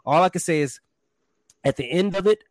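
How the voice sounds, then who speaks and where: A man, a stage performer, telling his story in a casual interview, animated and acting out voices. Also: a little high, a little fast, dry recording. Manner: animated, acts out quotes with shouts and pants.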